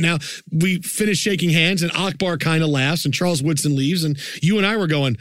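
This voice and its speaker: A man co-hosting a casual sports podcast, telling an animated story and acting out what people said. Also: a little high, quick pace, no room sound. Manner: animated storyteller, acts out quotes. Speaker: podcast co-host.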